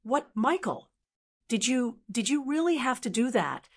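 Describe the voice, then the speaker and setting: A woman's voice: on the high side, big pitch swings, a little slow, exaggerated voice. A woman reading the lines of a defensive middle-aged husband in a storybook, keeping her own plain voice. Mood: reproachful.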